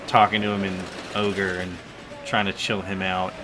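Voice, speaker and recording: Male game master, casual rambler, low and bright, faint noise behind. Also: little pitch movement, normal speed. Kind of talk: narrating a tabletop game.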